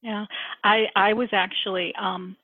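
A woman in her fifties, candid and animated, telling personal stories with frequent laughter in a casual chat. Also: medium pitch, a little slow, husky, no room sound. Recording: tinny phone line.

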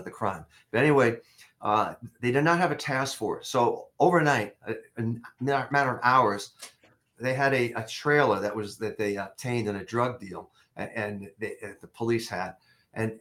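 An older man, a former investigator, telling a case story in an interview, with many restarts and lively rises in pitch.

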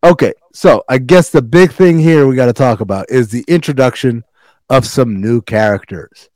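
A man co-hosting a casual podcast, recapping a television show in animated, profanity-heavy chat. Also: moderate pace, no echo. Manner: animated, swearing, jumps into high voices for quotes. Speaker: podcast co-host.

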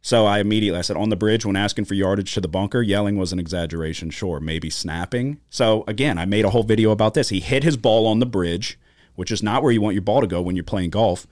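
Fairly low-pitched and fast-talking, a man co-hosts a studio podcast, captured on a dry recording. He swears freely while telling stories in relaxed conversation, animatedly performing the voices of the people he quotes.

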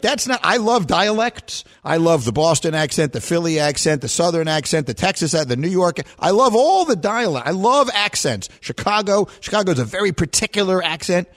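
Guy hosting sports radio, teasing and disbelieving, voice jumps all over, kinda high. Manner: incredulous, teasing, animated. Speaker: radio show host. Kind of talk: casual sports radio banter.

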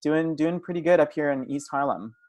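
A man's voice: fairly high pitch, brisk, a little mellow, dry recording. A man in his twenties, a podcast guest chatting casually and telling stories with self-amused flair.

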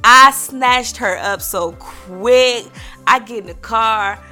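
A woman telling a personal story in a casual vlog, animated and profane, acting out the other people in it. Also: fairly high pitch, takes it slowly, soft background music. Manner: animated, profane, acts out voices in her story.

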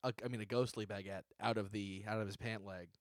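A man's voice: fairly low pitch, steady tone, quick pace, no room sound, studio quality. A man co-hosting an improvised comedy podcast, stammering and exasperated as he banters with his co-host.

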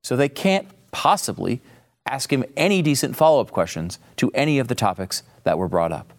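A man's voice: medium pitch, expressive, brisk. A middle-aged man hosting an opinion show, talking in a sarcastic, ranting way. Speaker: host.

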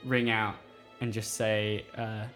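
A man's voice: fairly low pitch, level tone, slow pace, fairly bright tone, soft background music. A man running a tabletop game, describing scenes casually with many fillers. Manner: casual, lots of "like" and "um". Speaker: game master.

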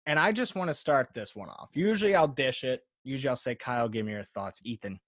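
A man's voice: mid-range voice, animated, fast, a bit bright, no room sound, studio quality. A man hosting a sports podcast, talking loosely with lots of fillers and restarts. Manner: loose and hesitant, many fillers. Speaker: podcast host. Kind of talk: casual sports podcast chat.

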